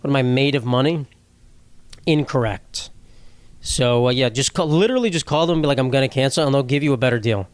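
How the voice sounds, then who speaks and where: A man's voice: medium pitch, lively intonation, racing, few pauses, smooth, dry recording. A young man hosting a casual solo podcast, rambling with crude jokes and silly voices for quoted people. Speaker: podcast host.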